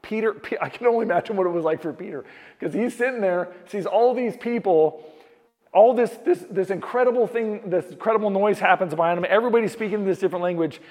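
A man's voice: high voice, fast talker, a little mellow. A man preaching a sermon as pastor, earnest, restarting and repeating key phrases for emphasis. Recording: long hall reverb.

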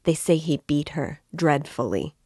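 A timid middle-aged mother speaks hurriedly and fretfully, as a woman reads her aloud. The voice is low and the recording dry and close. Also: animated, a little slow, dark tone, breathy edge, dry recording, heavily acted. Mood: anxious. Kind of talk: reading a novel aloud.

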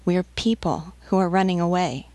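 A woman's voice: lowish voice, normal speed, mellow, no room sound, close to an everyday voice. A woman voicing a frightened peasant mother who gives short, hesitant answers. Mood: fearful.

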